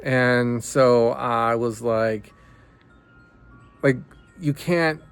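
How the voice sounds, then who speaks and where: A man's voice: mid-range voice, very slow, clear, resonant tone, no echo, faint music behind. Man rambling through a home story. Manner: rambling, animated storyteller with many restarts and fillers. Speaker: vlogger. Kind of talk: casual storytelling monologue.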